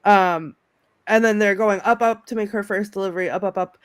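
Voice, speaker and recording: A woman co-hosting a casual film chat over a video call, lively and laughing as she acts out favorite quotes. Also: mid-range voice, brisk, clear, resonant tone, dry recording, clean studio sound. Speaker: podcast co-host.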